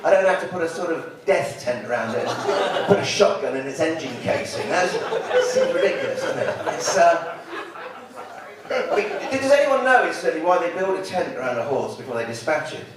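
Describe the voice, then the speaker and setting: A male stand-up comedian with a high, very lively voice tells rambling, wry bits. He is heard from a distant mic in a very echoey club, with loud crowd laughter. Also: fairly quick.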